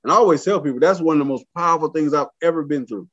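A man telling a story in relaxed conversation, his voice a touch high for a man. He acts out the voices of the people he quotes. The sound is dull and lo-fi, like a remote guest feed. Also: racing. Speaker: guest, military veteran and artist. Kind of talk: casual storytelling.

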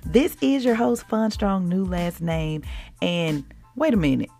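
Playful woman with a gravelly voice. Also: fairly low pitch, animated, measured pace, mellow, faint music behind. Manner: playful, preachy, talks straight to listeners. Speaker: podcast host. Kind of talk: casual devotional podcast talk.

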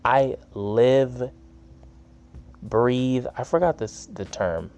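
A man's voice: mid-range voice, expressive, drawn-out words, darkish tone. A young man hosting his own podcast, ranting angrily with heavy swearing in a casual, heated way. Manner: angry, profane, ranting. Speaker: podcast host. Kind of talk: solo podcast rant.

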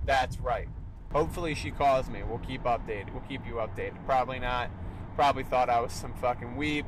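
A man's voice: medium pitch, normal speed, slight background noise, low-quality recording. A young man hosting a solo podcast, talking emphatically and tagging "all right" onto his points. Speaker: podcast host.

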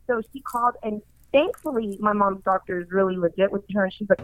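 A woman telling a story in casual chat, profane and excitable, acting out her own panicked lines. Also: mid-range voice, fast talker, no room sound. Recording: dull lo-fi dry recording.

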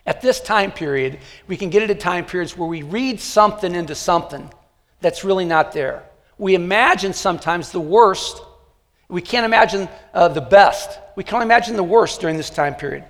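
A pastor preaches a sermon to a nearly empty church and an online audience, speaking conversationally, joking, and using many fillers. His voice is high-pitched and fairly bright, with lively intonation and a fairly quick pace, recorded with long hall reverb.

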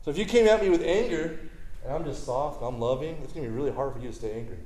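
A man's voice: mid-range voice, fast, a little mellow, roomy sound, a little hiss or hum, low-quality recording. A man preaching a sermon in a casual, conversational way, often checking in with the crowd by asking "right?". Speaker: pastor.

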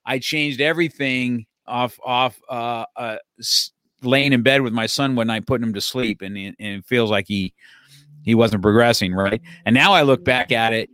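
A man's voice: medium pitch, moderate pace, a bit bright, no echo, clean studio sound. A middle-aged man and martial arts school owner talking in casual conversation, rambling with frequent restarts and easy laughter, recorded in his office.

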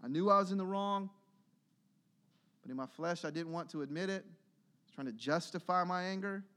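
A man's voice: high voice, normal speed, a bit bright. A man preaching a sermon to a church congregation, earnest and rising to emphatic exhortation. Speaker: pastor.

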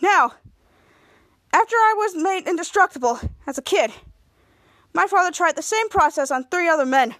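A woman's voice: extremely high pitch, expressive, moderate pace, long pauses, fairly bright tone, dry recording, studio quality. A woman voicing a boastful adult male superhero, in a lightly raised, emphatic tone.

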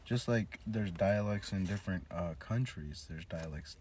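Deep-voiced joking man, distant mic. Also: moderate pace. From United States. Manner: animated, joking, swearing freely. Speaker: podcast co-host. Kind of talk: casual chat. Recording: distant mic with background hiss.

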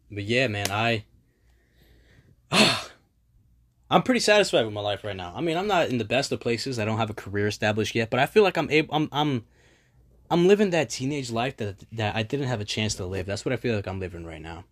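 A man's voice: on the low side, expressive, normal speed, pauses often, a bit bright. A young man rambling in a casual solo monologue, self-deprecating and swearing freely, his voice a little strained.

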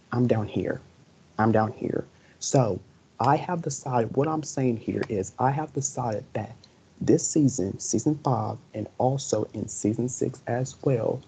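A man's voice: mid-range voice, vocal fry, warm tone, breathy edge. A young man co-hosting a podcast, talking earnestly and emotionally and repeating his points over and over. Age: young adult. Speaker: podcast co-host. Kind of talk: casual podcast chat. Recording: dull lo-fi recording.

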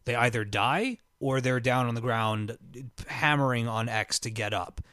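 Excitable rambling man chatting casually. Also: mid-range voice, unhurried, clear, resonant tone, no room sound, studio quality. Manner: excitable, rambling storyteller full of "like". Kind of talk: casual chat.

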